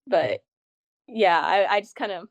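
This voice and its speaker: A woman's voice: mid-range voice, no echo, muffled recording. Chatty young woman telling stories animatedly. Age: young adult. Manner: chatty, animated storytelling with quick asides. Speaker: guest's daughter. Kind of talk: casual interview chat.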